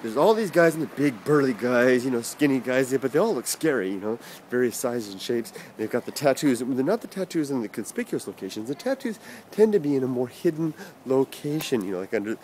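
A man's voice: mid-range voice, big pitch swings, brisk, darkish tone, a little hiss or hum. Rambling middle-aged man telling a story outdoors. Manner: rambling and chatty, with many fillers and self-corrections. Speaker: vlogger. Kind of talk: casual storytelling vlog. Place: outdoors on a town street, walking.

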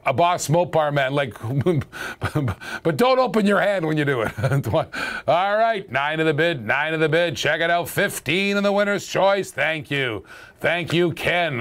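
A man's voice: fairly high pitch, a bit bright, smooth. A man hosting a live-stream auction, joking and laughing often and repeating bids again and again.

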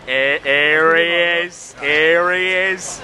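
A young man chats through a handheld travel vlog, his voice a little high. The camera audio carries clear background noise. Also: drawn-out words. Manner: chatty, gets excited and shouty with friends. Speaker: vlogger.

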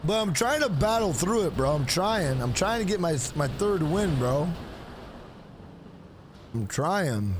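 A man streaming a game live, exhausted and mumbling, with lines that trail off low and get repeated over and over. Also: big pitch swings, unhurried, pauses often, slight background noise. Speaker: gaming streamer. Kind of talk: casual live-stream chat.

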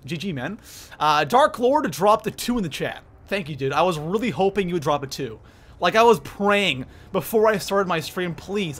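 Male livestreamer, hyped commentary, bright and sharp-toned. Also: high-pitched. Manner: excitable, thanks viewers by name between frantic gameplay reactions. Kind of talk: live gameplay commentary.

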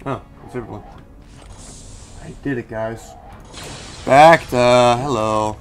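A man's voice: medium pitch, steady tone, slow, long pauses, faint music behind. A young man giving casual, joking gameplay commentary at home, swearing now and then and chatting to his cat at the desk mic. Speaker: let's play host. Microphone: desk microphone.

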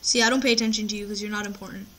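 A man's voice: high voice, steady tone, rapid-fire, background noise. A teenage boy chatting casually while playing a game, teasing his friend and bragging with lots of stumbling restarts. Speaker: Minecraft player. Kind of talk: casual gameplay chat.

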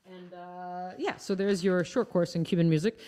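A woman's voice: fairly low pitch, fairly even intonation, normal speed, dark tone. Chatty woman hosting a live stream. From Iowa. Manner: chatty, explaining, trails off and restarts. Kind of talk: casual chat.

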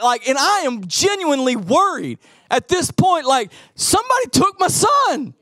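A middle-aged man preaching a sermon as pastor, telling animated stories and acting out the voices in them. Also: very high voice, normal speed, hardly any pauses, no room sound, studio quality. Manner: animated storytelling, acts out quoted voices.

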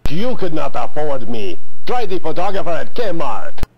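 A haughty photographer with a put-on French accent for an adventure game. His voice is gravelly and swoops wildly up and down as he brushes callers off. He sounds dismissive and brusque. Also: on the high side, sing-song, moderate pace, slight background noise. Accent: fake French. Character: snooty exclusive male photographer, brusque.

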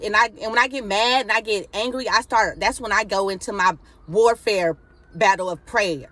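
A woman's voice: mid-range voice, moderate pace, a bit bright. A woman preaching fervently over a phone live stream, casual and exhorting, with constant cries of hallelujah. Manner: fervent, repeating hallelujah, casual Southern-style speech.

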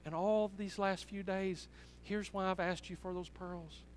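A man voicing a loving father who speaks quietly and tenderly to his young daughter. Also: high-pitched, fairly even intonation, normal speed, a little hiss or hum, voice pushed up, lightly acted, low-quality recording. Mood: moved.

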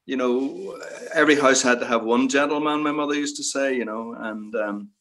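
A man's voice: medium pitch, normal speed, fairly bright tone. A middle-aged man, a guest in an interview on a video call, talking reflectively with many "you know" asides. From Northern Ireland. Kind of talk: reminiscing interview talk.

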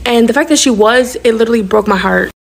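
A young woman recounts a personal storytime in a casual, rapid rush. Her voice sits a little high with a gravelly fry running through it, and she performs the lines of dialogue she quotes. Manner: rapid, animated retelling that acts out quoted dialogue.

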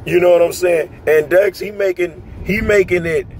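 A man's voice: high voice, moderate pace, a little hiss or hum. A man giving casual, profane commentary as a vlogger, talking emphatically inside a car. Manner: profane, emphatic, animated ranting. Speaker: bodybuilding vlogger.

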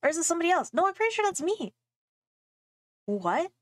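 A woman's voice: very high voice, very animated, fairly quick, no room sound, clean studio sound. A young woman streaming a game playthrough, playful and chatty, thinking aloud as she plays.

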